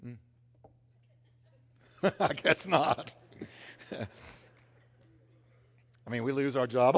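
A man preaching a sermon, swinging between loud emphasis and hushed, intense passages. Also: medium pitch, slow pace, long pauses. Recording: long hall reverb.

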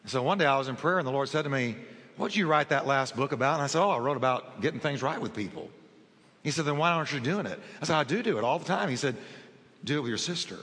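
A man's voice: medium pitch, lively intonation, fast, a bit bright, big-room sound. A man preaching a sermon, telling a personal story and acting out the dialogue in it. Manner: storytelling, acts out quoted dialogue. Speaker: pastor.

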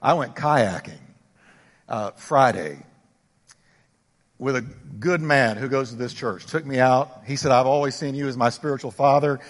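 An older male pastor delivering a sermon, swinging between emphatic raised exclamations and quiet, intimate asides. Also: medium pitch, normal speed, big-room sound. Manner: preaching with rising emphatic exclamations.

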